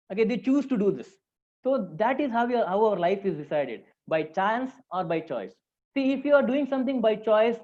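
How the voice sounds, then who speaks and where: A man's voice: sits high, darkish tone. A man with an Indian English accent, a counselor giving a motivational talk to students, conversational and asking the audience questions. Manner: conversational, asks the audience questions, repeats phrases. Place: lecture hall. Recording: dull lo-fi sound.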